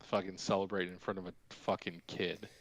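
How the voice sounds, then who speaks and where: Brief: low-voiced male podcast co-host, profane and heated, dry close mic. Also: flat delivery, a little fast, dry recording, poor audio. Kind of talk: casual sports betting chat.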